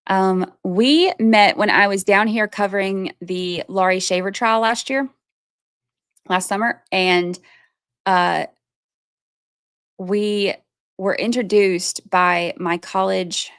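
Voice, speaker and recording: A woman's voice: medium pitch, fairly even intonation, takes it slowly, long pauses, a bit bright, clean tone, no room sound, clean studio sound. A woman from Georgia, chatting casually on her livestream and laughing often as she talks to her viewers. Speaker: livestream host.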